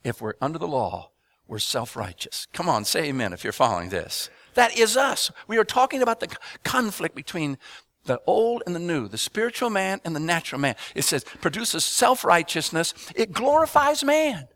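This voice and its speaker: A man preaching a sermon to a congregation, asking them to respond and building up rhythmic repeated phrases into loud emphatic bursts. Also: on the high side, sing-song, normal speed, no echo. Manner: addresses congregation with call-and-response questions.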